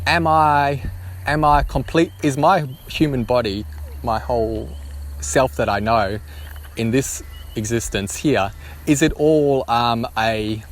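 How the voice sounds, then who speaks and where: Guy rambling into his camera, lots of ums and restarts, mid-pitched voice. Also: slow pace. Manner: hesitant, many restarts and ums. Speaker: vlogger. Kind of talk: spontaneous musing to camera.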